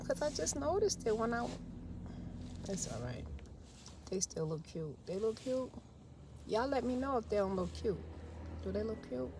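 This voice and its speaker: A woman, chatting and venting to viewers in a casual vlog while stuck in traffic in her car. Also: medium pitch. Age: 40s. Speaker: vlogger.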